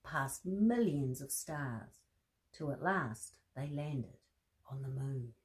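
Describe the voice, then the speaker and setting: A woman reading a bedtime story to children, animated and asking the listener questions. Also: extremely low pitch, slow pace.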